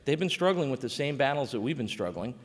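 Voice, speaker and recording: A man's voice: medium pitch, sing-song, fast. A man giving a conversational conference panel talk as a state coordinator, with frequent fillers and restarts. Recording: reverberant conference hall.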